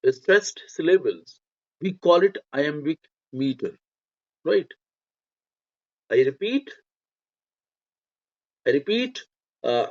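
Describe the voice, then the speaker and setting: Male teacher, hesitant lecturing with lots of fillers, slightly high voice, dull muffled audio. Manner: hesitant, many fillers and restarts. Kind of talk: spoken lecture on poetry.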